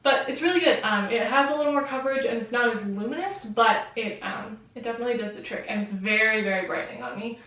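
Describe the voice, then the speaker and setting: A woman's voice: fairly high pitch, fast, hardly any pauses, fairly bright tone. A young woman chatting casually about a makeup product, with fillers along the way. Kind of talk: casual chat. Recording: very echoey room, distant mic.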